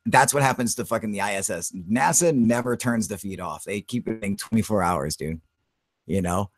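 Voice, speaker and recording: A man's voice: on the low side, normal speed, no echo, studio quality. A man hosting a live stream in loose, heavily profane casual chat, talking through what he is doing on his computer.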